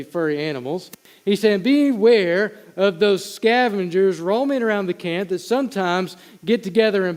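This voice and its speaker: High-voiced man preaching in a reverberant church. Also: a little mellow. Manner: conversational preaching with asides to the congregation. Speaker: pastor. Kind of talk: sermon. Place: church sanctuary. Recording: long hall reverb.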